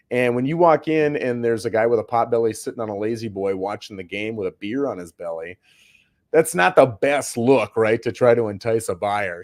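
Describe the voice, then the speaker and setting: A man, a real estate agent hosting his own show, telling a story to camera in a casual, plainspoken way, often checking in with "right?". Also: medium pitch. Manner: plainspoken, slangy.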